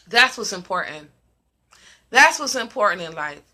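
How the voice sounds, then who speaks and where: Emphatic woman with a bright, ringing voice. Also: medium pitch, sing-song, moderate pace. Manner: emphatic, repeats questions. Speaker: host of a live discussion. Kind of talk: casual live-stream talk.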